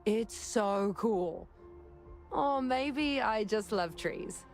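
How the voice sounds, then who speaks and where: A woman's voice: fairly high pitch, animated, extremely slow, exaggerated voice. An actress playing a friendly, talkative young city woman who worries about her brother, in a video game. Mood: enthusiastic. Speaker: game character. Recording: game audio with music behind.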